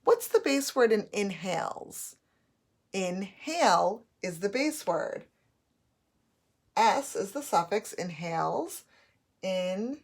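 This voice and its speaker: Slow, patient woman teaching phonics. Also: mid-range voice, sing-song. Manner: slow, patient, spells out letters. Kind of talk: phonics lesson for young children.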